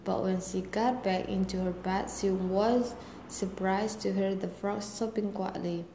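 A woman reading a fairy tale aloud in a gentle, steady storytelling manner. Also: medium pitch, a little slow, slight background noise. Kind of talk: storybook read-aloud narration. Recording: echoey room with faint ambience.

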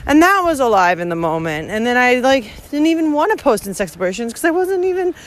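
A woman's voice: on the high side, very animated, quick pace. A woman hiking vlogger talking casually and bluntly on the trail, swearing a lot and laughing often as she rants. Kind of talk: casual rant while walking.

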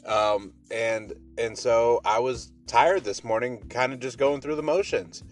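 Over quiet background music, a Pacific Northwest man hosts his morning podcast in a medium-pitched voice, speaking a little slowly. He rambles in a relaxed, cheerful, motivational manner.

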